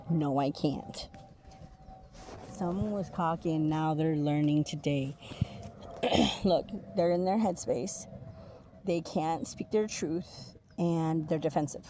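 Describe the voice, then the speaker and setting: A woman with a low, warm, mellow voice talks through a tarot spread in a loose, chatty way. She swears freely, laughs often and fills her sentences with ums and you-knows. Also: slow pace, pauses often, slight background noise. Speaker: intuitive tarot reader. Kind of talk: casual spoken tarot reading.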